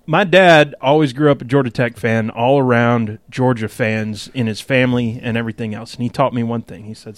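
A man co-hosting a casual sports podcast, telling stories in an excitable, animated way. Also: medium pitch, brisk, few pauses, no room sound. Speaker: podcast co-host. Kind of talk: casual chat.

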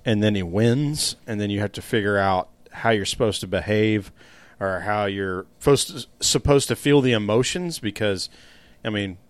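A man co-hosting a casual sports podcast who speaks in a reflective, unhurried way, often pausing on fillers. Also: lowish voice, no room sound. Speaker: podcast co-host. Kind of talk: casual chat.

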